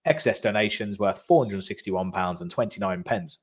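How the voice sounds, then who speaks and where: A man's voice: fairly low pitch, moderate pace. A man co-hosting a fan channel, chatting casually about football and reading out club news with frequent laughs.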